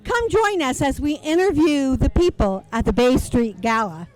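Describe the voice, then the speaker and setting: A woman interviewing guests on a gala red carpet, her voice high-pitched. She talks with gushing enthusiasm, introducing each guest with excitement. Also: normal speed, low-quality recording.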